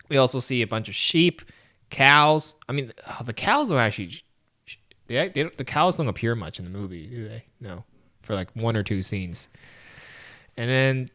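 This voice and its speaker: A man co-hosting a podcast, chatting casually about a film, animated and laughing often as he acts out lines. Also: mid-range voice. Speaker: podcast co-host. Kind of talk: casual movie review chat.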